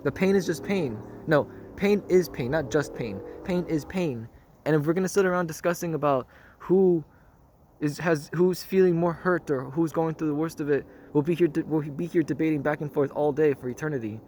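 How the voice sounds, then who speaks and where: A slightly high, darkish male voice at a moderate pace delivers an earnest, rambling reflective monologue over slight background noise. The speaker, a spiritual vlogger, repeats himself, circles back to one phrase, and checks in with "you know what I mean?"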